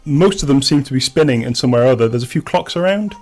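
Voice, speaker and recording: Over soft background music, a man acting as game master narrates a tabletop game in an animated, quick, slightly mellow medium-pitched voice. He rambles, with many fillers and restarts.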